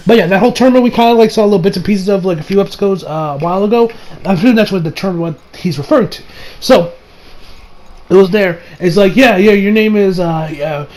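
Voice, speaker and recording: A man's voice: high-pitched, fast, a little mellow, low-quality recording. A man casually recapping an anime episode, rambling with many fillers and briefly acting out the characters' lines. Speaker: anime reviewer.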